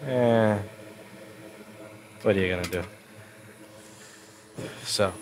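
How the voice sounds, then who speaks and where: A man's voice: mid-range voice, slight background noise. A man with a stuffy cold walking through a circuit board repair at his workbench, blunt and swearing when annoyed. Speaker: repair technician. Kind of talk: casual repair walkthrough.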